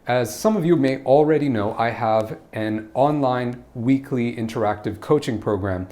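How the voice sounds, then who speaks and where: A man's voice: medium pitch, moderate pace, warm tone. Playful, teasing male English coach. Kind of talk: online grammar lesson.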